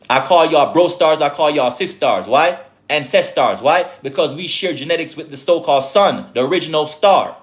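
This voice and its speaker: A man's voice: a little high, lively intonation, normal speed, hardly any pauses. A man with an accent preaching casually to viewers as a spiritual teacher, profane and streetwise, firing off rhetorical questions. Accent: speaks with an accent.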